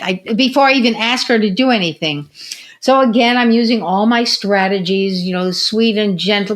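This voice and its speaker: An older American woman, a retired physical therapist, tells stories in a casual interview, speaking fairly quickly at a medium pitch. She's an animated storyteller who acts out the voices of the people she quotes.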